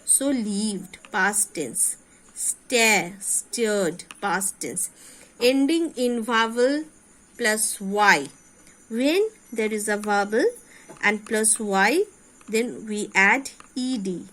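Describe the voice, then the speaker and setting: A woman teacher with an Indian English accent giving a slow classroom grammar lesson, spelling out words letter by letter. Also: medium pitch, a bit bright, rough recording. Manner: slow, spells out letters, repeats rules with questions.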